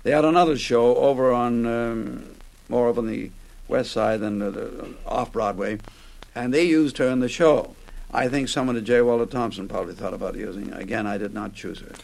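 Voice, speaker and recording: An older man, a former radio host, reminiscing in an interview in a measured way. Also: mid-range voice, vocal fry, a little mellow.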